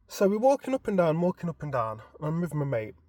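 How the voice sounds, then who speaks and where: Man vlogger, lively storyteller, very expressive pitch, dry sound. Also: no room sound. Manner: animated, expressive retelling. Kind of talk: casual storytelling.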